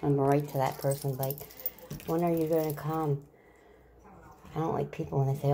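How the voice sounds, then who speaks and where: A woman's voice: deep voice, level tone, normal speed, pauses often, mellow, low-quality recording. A woman chatting casually in a rambling, repetitive way while walking her dog and cooking, now and then baby-talking to the dog. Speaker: vlogger.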